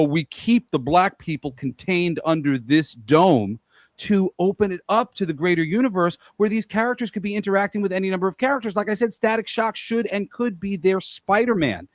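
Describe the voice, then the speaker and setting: A male podcast co-host delivers a heated, casual rant, emphatic and full of profanity. His voice is high-pitched, with no echo.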